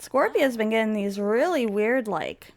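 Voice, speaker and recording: A woman's voice: a little high, lively intonation, measured pace. A woman narrating a game story in a chatty, playful way, with giggly asides. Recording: background music under voice.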